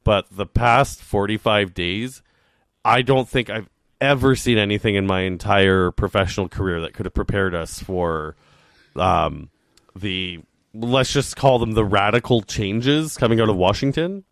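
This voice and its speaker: Guy cohosting a chat, low voice, dry close sound, earnest, pauses to think. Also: no room sound. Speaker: podcast co-host. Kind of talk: casual chat.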